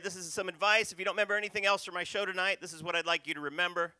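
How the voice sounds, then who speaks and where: A man performing a stand-up comedy set on a club stage, talking punchily and working the crowd loudly. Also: high-pitched, rapid-fire, clean tone, dry recording. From North Carolina, USA. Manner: punchy, loud crowd work.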